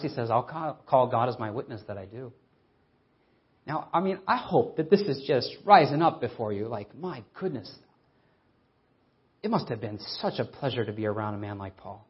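A man's voice: mid-range voice, expressive. Earnest male preacher, slightly muffled recording. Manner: earnest, emphatic, with rhetorical questions and slow stressed readings. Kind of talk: sermon.

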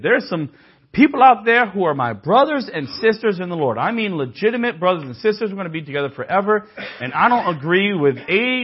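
A man preaching to his congregation in a relaxed, chatty way, slipping from scripture into a funny story. His voice is somewhat husky, and the church recording sounds a bit dull and lo-fi. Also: high voice. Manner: casual, conversational preaching with humorous anecdotes. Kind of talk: sermon.

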